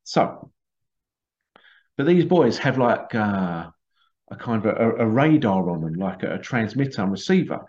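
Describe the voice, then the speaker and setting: A man's voice: fairly low pitch, very animated, unhurried, long pauses, a little mellow. A man telling a long, rambling story, full of restarts and acted-out quotes. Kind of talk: casual conspiracy talk, storytelling. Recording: dull lo-fi sound.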